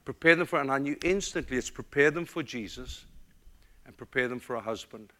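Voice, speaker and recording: A middle-aged man from Africa, a pastor preaching a sermon, swinging from loud emphatic points to hushed tender passages. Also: mid-range voice, fairly quick.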